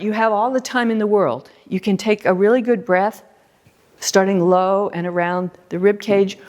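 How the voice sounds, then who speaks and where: A middle-aged woman teaching a flute masterclass, coaching a student and singing short syllables to show how a phrase should move. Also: medium pitch.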